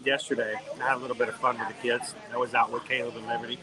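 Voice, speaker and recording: Middle-aged man, casual live-stream storyteller, animated and playful, busy crowd around. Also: medium pitch, very fast, low-quality recording. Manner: animated, playful anecdote-telling. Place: outdoors in a busy theme park. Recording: busy crowd noise behind. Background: crowd, park sounds.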